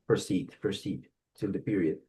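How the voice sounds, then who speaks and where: A man's voice: low-pitched, moderate pace, mellow. A man teaching an online English class, giving praise and repeating words for students to copy.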